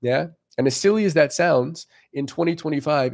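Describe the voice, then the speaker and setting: A man's voice: fairly high pitch, normal speed, gravelly, darkish tone. A young man talking frankly as a dating coach in a casual monologue, swearing freely.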